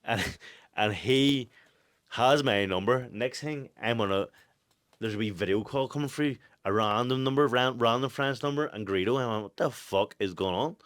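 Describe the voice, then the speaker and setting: A young man with a Northern Irish accent, telling stories in casual podcast chat, swearing freely and laughing loudly. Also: mid-range voice, moderate pace, dry recording, clean studio sound. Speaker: podcast co-host, boxer.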